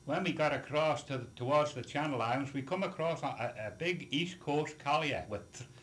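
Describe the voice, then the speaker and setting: A man's voice: on the high side, normal speed, a bit bright, a little hiss or hum. An older man, a retired sailor telling a long seafaring story in an oral history interview, rambling with many restarts and "you see" asides.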